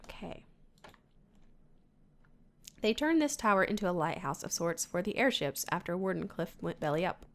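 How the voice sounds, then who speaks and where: A woman's voice: fairly low pitch, very animated, moderate pace, pauses often, a bit bright. A woman casually commenting as she plays a video game, muttering to herself and reading game text aloud. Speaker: let's-play gamer.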